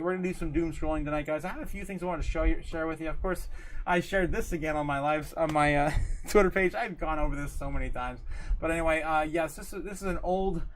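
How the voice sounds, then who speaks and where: A man's voice: a little high, a little hiss or hum. A man hosting a casual livestream, rambling loosely, reading viewer comments aloud and laughing often between lines. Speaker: livestream host.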